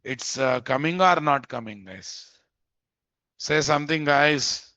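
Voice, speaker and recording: A man's voice: medium pitch, a little slow, sharp tone, no echo. Casting note: male coding instructor, thinks aloud and repeats himself, dry lo-fi mic. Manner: thinks aloud, repeats phrases, often adds "guys?". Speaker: programming instructor. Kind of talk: live coding lesson. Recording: dull, dry lo-fi mic audio.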